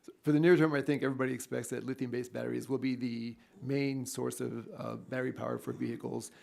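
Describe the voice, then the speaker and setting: Fast, gravelly male witness giving fluent technical testimony. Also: medium pitch, level tone, darkish tone. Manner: fluent, technical, measured answers. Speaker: expert witness. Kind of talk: hearing testimony.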